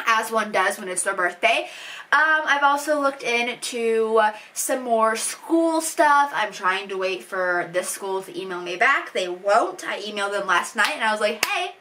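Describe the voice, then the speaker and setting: A young woman of eighteen talks to her camera in a loose, rambling vlog style. She is self-deprecating and leans on fillers like "um" and "kind of." Her voice sits somewhat high. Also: expressive, a little slow, pushed and bright. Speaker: vlogger. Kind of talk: casual vlog chat.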